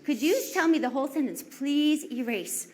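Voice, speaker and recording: Slow sing-song woman teacher. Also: sits high, expressive, darkish tone. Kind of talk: classroom instruction. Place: classroom.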